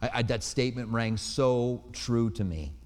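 A man's voice: medium pitch, moderate pace, darkish tone. A man preaching a sermon in an earnest, storytelling way, with personal anecdotes. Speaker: pastor. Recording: reverberant hall.

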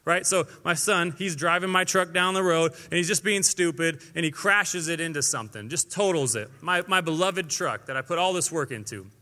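A young man preaching a sermon in a lively, conversational way, acting out quotes as he goes. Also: fairly high pitch, moderate pace, hardly any pauses, big-room sound.

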